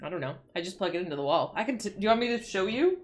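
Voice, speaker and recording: A woman's voice: on the low side, lively intonation, very fast. A woman streamer chatting casually at home, ranting in exasperation, swearing and restarting her sentences. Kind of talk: casual livestream chat.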